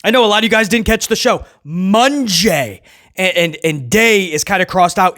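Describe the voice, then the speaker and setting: A man reviewing a wrestling show in casual, sarcastic commentary. His pitch swings widely as he mocks and chuckles at his own jokes. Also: animated, normal speed, a bit bright. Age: adult who was a kid in the late 1990s.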